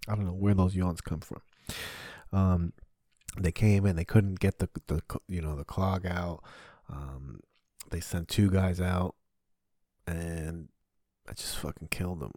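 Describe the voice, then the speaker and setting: Deep, dark-voiced man ranting profanely. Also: steady tone, slow pace, pauses often, dry recording, clean studio sound. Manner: profane, rambling storytelling with crude jokes. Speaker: podcast host. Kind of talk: casual comedic monologue. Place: home basement studio.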